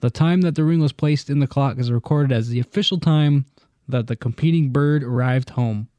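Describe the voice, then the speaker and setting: Man, podcast co-host, mellow warm tone, dry close sound, profane casual banter. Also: medium pitch, normal speed, no room sound, dull audio. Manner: profane, reads facts aloud in a flat reading tone. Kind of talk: casual chat.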